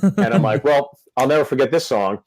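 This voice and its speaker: A man's voice: medium pitch, big pitch swings, brisk, darkish tone, dry recording, low-quality recording. A male comedian telling a story on a podcast, acting out the quotes. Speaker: comedian guest.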